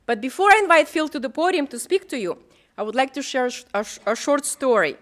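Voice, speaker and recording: A woman's voice: high-pitched, sing-song, fast talker, fairly bright tone. A woman hosting an event, introducing the guest speaker with a playful little story. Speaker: event host.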